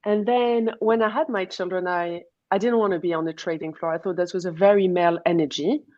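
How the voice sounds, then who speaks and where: A woman's voice: fairly low pitch, steady tone, a little fast, warm tone, no echo, dull audio. A woman with a slight French-tinged accent, a guest on a radio show, talking chattily and laughing easily. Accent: French-educated. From half Moroccan, half Iranian. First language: not English. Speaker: guest nutritionist. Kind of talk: radio interview.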